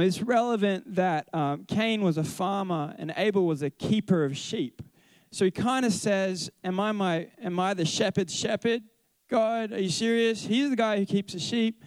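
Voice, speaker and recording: A man's voice: a little high, a little mellow, no room sound. A man who teaches, giving a casual Bible talk, rambling and correcting himself as he tells stories. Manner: rambling, self-correcting storyteller.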